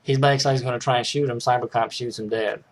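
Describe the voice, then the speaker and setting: A man's voice: medium pitch, fairly even intonation, very fast. A man casually recapping a movie's plot in a rambling way, restarting sentences and chuckling as he goes. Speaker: movie reviewer.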